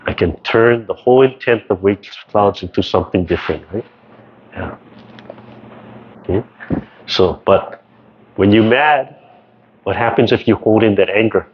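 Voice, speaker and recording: A man's voice: fairly low pitch, a little slow, pauses often, a little hiss or hum. A man teaching a tai chi class over a video call in a casual way, ending nearly every phrase with "right?". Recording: dull lo-fi video call audio.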